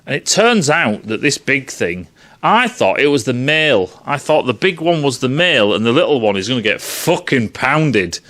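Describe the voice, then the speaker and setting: A man's voice: medium pitch, big pitch swings, normal speed, fairly bright tone. A man giving a profane, sarcastic film review rant, swearing freely and sounding exasperated.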